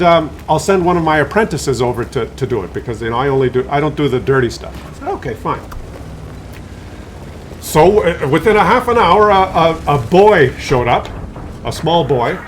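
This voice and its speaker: A man telling a rambling, exasperated story to camera at home, acting out what others said with sudden jumps in his voice. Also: a little hiss or hum. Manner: rambling, exasperated, acts out quotes with pitch jumps. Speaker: video host telling a story.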